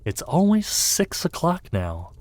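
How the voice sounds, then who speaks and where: A man's voice: a little high, wildly swooping pitch, slow, a little mellow, no echo, voice pushed up, heavily acted. Eccentric sorrowful hatter, fussy and sighing, voiced by a man reading. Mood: mournful. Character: eccentric, sorrowful, argumentative adult male hatter. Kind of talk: storybook reading.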